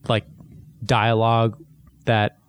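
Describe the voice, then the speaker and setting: A man's voice: on the low side, monotone, takes it slowly, smooth. A man co-hosting a casual comedy podcast, reading out passages with dry amusement. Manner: reads scripture excerpts aloud with dry amusement. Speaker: podcast co-host.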